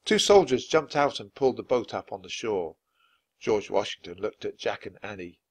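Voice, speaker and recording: A man reading a children's chapter book aloud clearly and expressively for language learners. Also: on the low side, lively intonation, normal speed, darkish tone, no room sound. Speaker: storybook reader.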